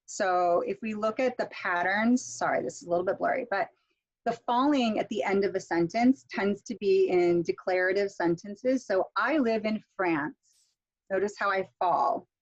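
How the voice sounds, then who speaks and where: A woman's voice: medium pitch, lo-fi sound. A woman instructor leading an online pronunciation workshop, demonstrating intonation with example sentences and a casual, filler-heavy manner that checks in with "okay?".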